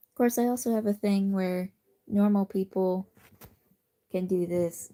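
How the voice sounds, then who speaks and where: A woman chatting casually on a late-night phone livestream from her bed, rambling and self-deprecating, sometimes dropping to a soft whisper. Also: mid-range voice, a little slow. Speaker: streamer. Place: cozy bedroom at night.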